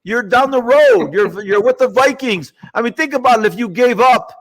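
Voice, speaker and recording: An older man co-hosting a sports podcast, musing and handing out advice in a drawn-out way. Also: very high voice. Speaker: podcast co-host. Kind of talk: casual sports banter.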